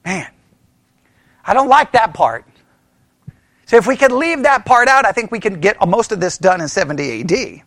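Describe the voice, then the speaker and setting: A man leads a church Bible study with a strikingly high voice that swings up and down. He is animated and keeps checking in with his class. The sound is dry and close, with no room echo. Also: normal speed, long pauses. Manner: animated, talks to the class with frequent "right?" checks; mimics opponents in mocking quoted voices.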